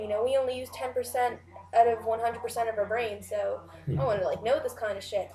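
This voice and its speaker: A woman's voice: fairly high pitch, fairly even intonation, a little fast, warm tone. A young woman casually telling a long dream story, rambling with many "like" and "you know" fillers and frequent swearing. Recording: echoey room.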